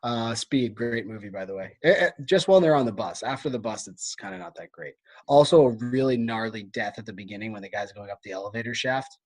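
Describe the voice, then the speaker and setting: A man's voice: on the low side, brisk, a little mellow. Chatty laid-back American man. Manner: laid-back, chatty, quizzing his friend. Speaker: podcast co-host. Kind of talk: casual chat.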